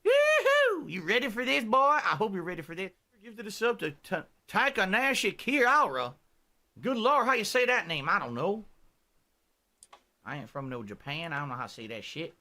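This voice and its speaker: A man's voice: high voice, big pitch swings, brisk, sharp tone, exaggerated voice. A male streamer doing an old Southern colonel with a put-on Southern accent, drawling and brash while commenting on a game. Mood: rowdy folksy. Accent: put-on American Southern. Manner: drawling, rowdy, brash heckling. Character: folksy old Southern colonel, calls everyone boy.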